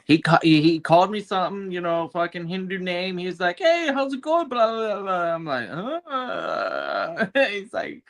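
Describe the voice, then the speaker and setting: A man tells a story in an easygoing podcast chat and laughs often as he goes. His voice sits a little higher than most men's. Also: fairly even intonation, normal speed, few pauses, fairly bright tone. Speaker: podcast guest.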